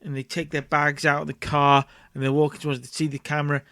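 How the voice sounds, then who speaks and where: Let's-play host, chatty narrator; high voice, dry close recording. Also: male voice, level tone, fast talker, bright, forceful tone, no echo. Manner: chatty, narrates and acts out scenes. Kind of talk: casual game commentary.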